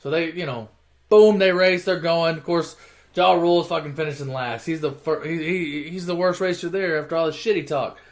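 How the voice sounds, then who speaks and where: A man with a somewhat high-pitched voice tells a movie plot as an offhand comic story. He swears freely and keeps stopping to correct himself, in a relaxed, unscripted way. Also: a little fast. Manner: profane, offhand, self-correcting. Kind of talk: casual comic movie retelling.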